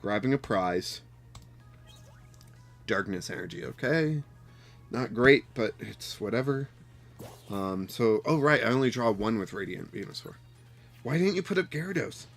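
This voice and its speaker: Male card game streamer, unhurried delivery, mid-pitched, mock outrage between quiet muttering, light music behind. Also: lively intonation. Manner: exasperated, talks to his opponent, swings from loud outbursts to muttered counting. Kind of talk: live gameplay commentary.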